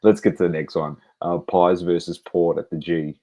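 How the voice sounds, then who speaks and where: A man's voice: low-pitched, flat delivery, moderate pace, dark tone, rough recording. A man hosting a sports podcast, bantering in a teasing, laid-back way. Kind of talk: casual sports chat.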